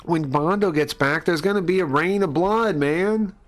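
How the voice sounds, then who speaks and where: A man's voice: a little high, normal speed, faint music behind, pitched above the performer's own voice, lightly acted. A man voicing a hotheaded teenage male delinquent who talks in brash, threatening outbursts. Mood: excited.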